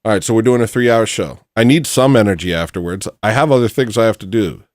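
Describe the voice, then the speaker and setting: A livestream host with a lowish voice talks quickly, rambling and joking while he reads out super chats and thanks viewers for donations. The recording is clean studio sound with no room echo.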